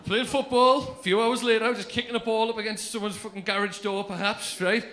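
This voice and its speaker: High-voiced comedian. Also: male voice, steady tone, quick pace, sharp tone. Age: 30s. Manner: brash, swearing storyteller. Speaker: stand-up comedian. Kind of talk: stand-up storytelling. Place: comedy club stage.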